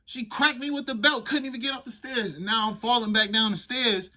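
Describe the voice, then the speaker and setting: A young man casually telling a profane, animated storytime vlog. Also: extremely high pitch, fairly quick. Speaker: vlogger.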